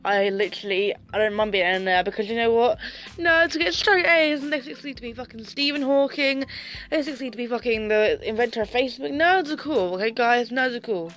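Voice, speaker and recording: A woman's voice: fairly high pitch, lively intonation, fairly quick, fairly bright tone, faint music behind. A young woman vlogging in a casual, sassy, camp way, full of swearing and dramatic outbursts. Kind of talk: casual livestream chat.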